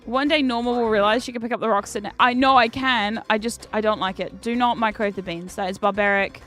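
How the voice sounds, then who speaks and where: A woman's voice: on the high side, steady tone, fairly quick, soft background music. A young woman, British by birth, chatting and swearing through a game stream as a VTuber host. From Britain. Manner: chatty, swears, bursts of frustrated shouting. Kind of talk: casual gameplay commentary.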